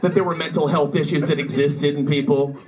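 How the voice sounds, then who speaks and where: Performing stand-up before a live comedy club crowd, a man with a Midwestern American accent tells rambling, self-mocking stories in a brisk, steady voice on the high side. The live recording has heavy background noise along with audience laughter.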